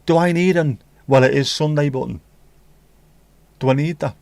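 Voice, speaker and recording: A man's voice: a little high, moderate pace, gravelly, a little mellow, no room sound. A man hosting a casual livestream, rambling and joking as he reads comments. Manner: jokey, rambling, sings snatches of songs. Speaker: livestream host. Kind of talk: casual chat reading viewer comments.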